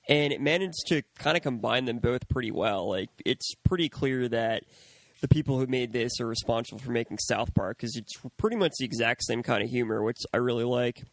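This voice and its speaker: A man co-hosting a movie review show in casual chat, with an even, dry manner and deadpan asides. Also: medium pitch, no echo. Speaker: podcast co-host.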